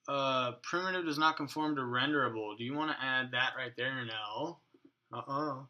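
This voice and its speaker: A man's voice: mid-range voice, measured pace, dull audio. A man hosting a casual coding tutorial at his home desk, thinking aloud, muttering to his code and joking with mild swearing. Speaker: programming tutorial host. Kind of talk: casual screencast coding walkthrough.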